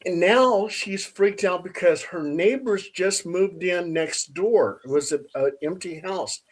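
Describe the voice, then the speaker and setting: High-voiced man telling a story. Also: a little slow. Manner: animated storytelling, acts out quoted voices. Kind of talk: casual chat.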